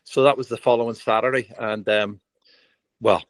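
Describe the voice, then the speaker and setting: An older man, a podcast guest telling lively stories full of quoted dialogue. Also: mid-range voice, moderate pace, no echo. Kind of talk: anecdotal storytelling.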